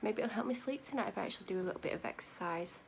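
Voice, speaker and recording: Tired and unhurried, a vlogger rambles casually in a gravelly, creaky middle-pitched voice, often correcting herself mid-sentence. Occasionally she sinks to a near-whisper, and a little hiss or hum sits in the background.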